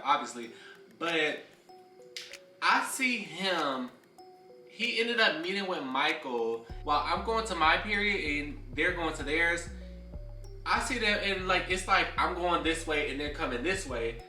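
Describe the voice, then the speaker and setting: A young man tells a personal story in a casual storytime, being sassy and dramatic and swearing freely. His voice sits high with a sharp tone, and the recording is roomy and distant, with faint music behind him.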